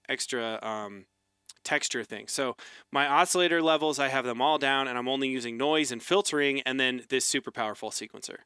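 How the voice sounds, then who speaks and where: A man's voice: medium pitch, clean tone, no room sound. A man casually walking through a synthesizer's features, talking loosely with lots of fillers and restarts. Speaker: synth reviewer. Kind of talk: casual gear demo walkthrough. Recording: loud synth music underneath.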